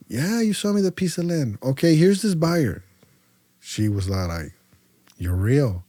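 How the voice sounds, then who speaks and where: With a fairly high voice and a measured pace, a Central Valley, California man guests on a podcast, telling stories casually in an echo-free recording. He animates both sides of each exchange and often stumbles, repeating words.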